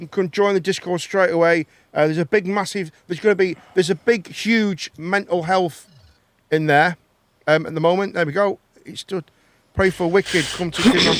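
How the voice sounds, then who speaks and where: A man's voice: on the high side, steady tone, fairly quick. A man, hosting a casual live chat show, rambling and joking as he talks. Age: 30s. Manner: rambling, jokey, trailing off. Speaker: host.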